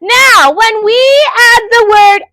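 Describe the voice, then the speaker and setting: A woman teaching a phonics lesson to young students in a classroom, loud and energetic, calling on children by name. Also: very high-pitched, slow pace, dry recording.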